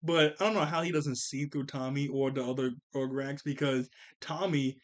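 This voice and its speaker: A man's voice: mid-range voice, steady tone, moderate pace. A man casually recapping a cartoon episode, chatting loosely, laughing often and correcting himself mid-sentence.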